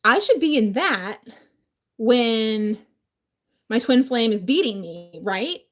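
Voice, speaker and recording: Animated and slow, with a voice a little on the high side, a vlogger rambles casually from her kitchen. Her throat injury has altered her voice, and she's full of fillers and curse words.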